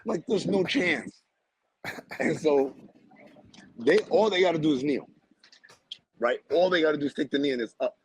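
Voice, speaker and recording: A young man co-hosting a podcast, telling an animated story in casual chat and laughing often. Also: on the high side, moderate pace, long pauses, slightly rough, no room sound, poor audio. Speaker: podcast co-host.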